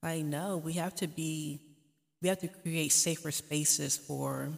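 A woman's voice: low voice, fairly even intonation, takes it slowly, vocal fry. A woman hosting a vlog, talking earnestly and pleadingly to camera with faith-driven encouragement. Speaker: vlog host. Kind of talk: casual heartfelt talk to camera. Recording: long reverb, echoey room.

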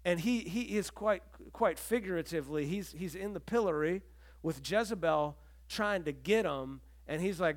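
A middle-aged man delivers a sermon from the pulpit in a relaxed, storytelling manner. His voice sits a little higher than most men's. He slips into the characters' lines as he retells the story. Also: moderate pace. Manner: conversational storytelling, acts out quotes. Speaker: pastor.

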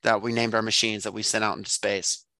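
A man's voice: fairly low pitch, little pitch movement, brisk, vocal fry, bright, forceful tone, no echo. A man co-hosting a podcast, chatting casually about a book in a thoughtful, rambling way full of fillers and restarts. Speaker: podcast co-host.

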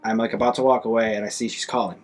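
A man hosting a podcast, telling a story in casual chat, animated, acting out other people's lines and swearing freely. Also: very fast, soft background music. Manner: animated, acts out quoted voices with big pitch jumps. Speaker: podcast host.

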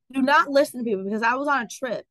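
A woman telling her story as an interview guest, animated and full of fillers like "like" and "um". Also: high voice, no echo, low-quality recording. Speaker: guest, travel business owner. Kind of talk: casual interview.

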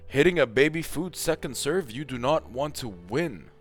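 A man in a fired-up, profane rant, hammering his points with repetition. His voice sits at an ordinary middle pitch, and faint music plays underneath. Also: animated, normal speed. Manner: profane, heated, emphatic. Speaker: tennis commentator. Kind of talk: casual opinionated rant.

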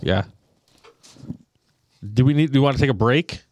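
Brief: male podcast host, relaxed, chatty, quick to laugh, casual swearing. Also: medium pitch. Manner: laid-back, laughs often, swears casually. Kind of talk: casual chat. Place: small home studio.

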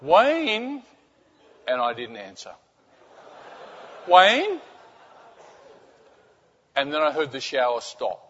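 A man preaching a sermon, telling a personal story with lively, halting storytelling and softening to quiet, intimate tones. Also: mid-range voice, big-room sound, lo-fi sound. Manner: animated storytelling, many restarts, drops to soft intimate tones. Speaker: pastor.

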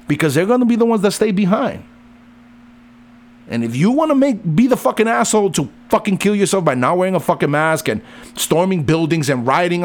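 Heated swearing man ranting. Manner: heated, swearing constantly, jumping up and down in pitch. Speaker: father ranting to camera. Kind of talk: profane rant.

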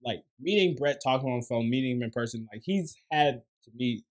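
A podcast co-host telling a story in casual chat, excitable and dramatic, laughing as the story goes. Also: mid-range voice, a little fast.

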